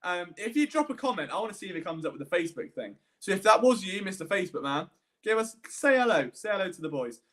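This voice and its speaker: A man with a high, bright, forceful voice hosts a live-streamed sports show. He rambles and circles back on himself with plenty of self-deprecating asides. His analysis comes across as animated, casual and unscripted. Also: fast. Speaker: sports podcast host.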